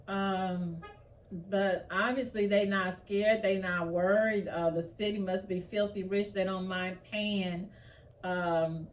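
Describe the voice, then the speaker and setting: A woman's voice: mid-range voice, steady tone, takes it slowly, far from the mic. A woman hosting casual commentary on news cases, outspoken and passionately indignant. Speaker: commentary channel host.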